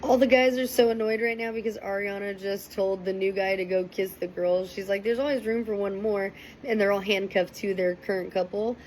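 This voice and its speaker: A young woman casually recapping and reacting to a TV episode, chatty and animated, with a faint hiss behind her. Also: mid-range voice, brisk, hardly any pauses, low-quality recording. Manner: chatty, animated, quotes people in raised voices. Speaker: reaction commentator.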